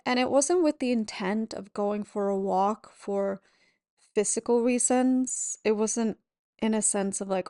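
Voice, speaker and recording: A woman hosting a podcast as a yoga teacher, talking in a gentle, candid and reassuring way at home. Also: mid-range voice, a little slow, no room sound, clean studio sound. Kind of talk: reflective solo podcast talk. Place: at home at a table.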